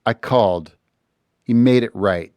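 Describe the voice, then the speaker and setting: Smooth-voiced man hosting a podcast. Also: lowish voice, unhurried, no echo. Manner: animated, slips into voices when quoting others. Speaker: podcast host. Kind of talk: casual storytelling monologue. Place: recording studio.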